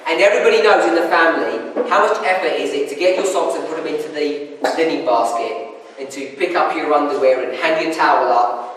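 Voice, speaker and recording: A man preaching a sermon, telling a marriage story in an animated way and acting out the people in it. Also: a little high, a little fast. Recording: echoey hall, distant mic, faint noise.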